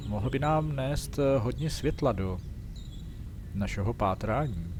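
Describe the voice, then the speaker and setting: Czech male let's play host, casual and halting, over clearly audible game music. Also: medium pitch, animated. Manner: hesitant, filler-heavy musing. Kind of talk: casual gameplay commentary.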